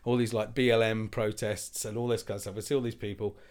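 A man in his forties spins a rambling, animated anecdote with a fairly low voice. He swears freely and pitches up to act out the people in his story. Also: quick pace. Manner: animated, swearing, acts out other people's lines in raised voices. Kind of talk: casual storytelling.

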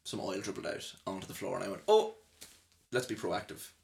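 A man's voice: sits low, wildly swooping pitch, brisk, vocal fry, darkish tone. A young Irish man hosting a podcast, rambling through funny anecdotes from his job, laughing at himself and mimicking the people involved. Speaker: podcast host. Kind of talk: comic storytelling chat.

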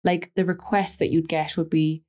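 A woman's voice: low-pitched, little pitch movement, moderate pace, darkish tone. A woman from West Cork with an Irish accent, a stylist chatting as a podcast guest and telling anecdotes full of "like" and "you know". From Ireland, West Cork. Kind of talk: casual interview storytelling.

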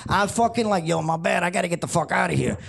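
A man telling a story casually, swearing and acting out loud impersonations. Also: high voice, animated, fast talker, creaky. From New York. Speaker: guest.

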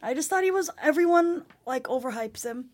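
Brief: young woman podcast co-host, slightly high voice, hesitant, trails off. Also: lively intonation, brisk. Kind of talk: casual podcast chat.

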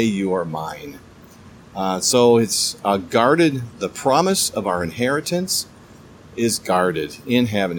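A man giving a casual devotional Bible talk, enthusiastic but halting, often stammering and restarting his sentences. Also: lowish voice, slight background noise. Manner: enthusiastic, keeps calling things cool. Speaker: Bible teacher.

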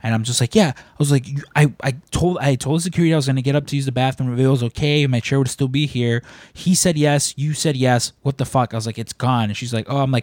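Animated man telling a story, dry room. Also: mid-range voice, fast, no echo. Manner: animated storyteller, acts out quoted voices. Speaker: podcast host. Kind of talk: casual storytelling chat.

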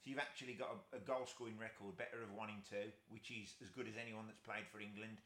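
A man hosts a podcast interview, enthusiastic and full of admiration for his guest. His voice is bright and forceful. The recording carries a roomy echo. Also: lowish voice, flat delivery, fast. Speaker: podcast host. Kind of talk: interview questions.

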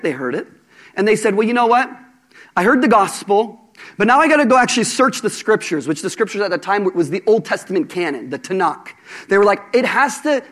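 A man preaching a sermon to a congregation, conversational and animated, with jokes and asides to the audience. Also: high-pitched.

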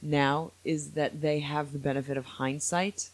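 A man hosting a podcast in casual chat, opinionated and animated, quick to laugh. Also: on the high side. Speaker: podcast host.

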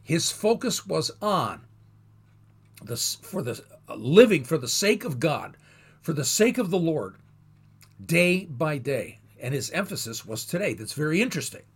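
A man teaching a Bible lesson in a thoughtful, explanatory way, pausing and restarting as he goes. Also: fairly high pitch, sing-song, slightly rough.

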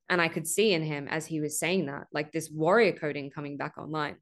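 Low-voiced woman giving an earnest spiritual talk. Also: steady tone, a little fast. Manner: earnest, repeats "right?" often, swears for emphasis. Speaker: podcast host. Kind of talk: spiritual monologue.

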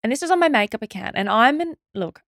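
A young woman telling a stressful story as a podcast guest, in a quick, animated way with many fillers and restarts. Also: on the high side, no echo, studio quality. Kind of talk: casual storytelling interview.

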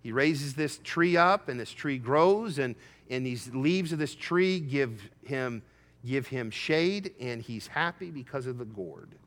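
A man's voice: medium pitch, slow, long reverb tail. A man preaching a sermon, reading scripture aloud and voicing the prophet with emphatic rises. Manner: emphatic, rising to excited peaks when voicing Jonah.

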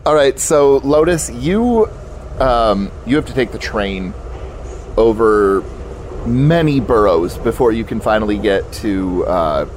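Low-voiced man narrating as game master. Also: animated, darkish tone, slight background noise. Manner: halting, many fillers and restarts.

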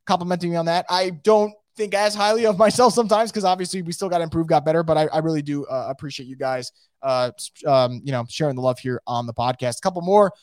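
A man hosting a casual live sports podcast, reading out viewer comments and reacting in a fast, emphatic way, often repeating his words. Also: a little high, dry recording, studio quality.

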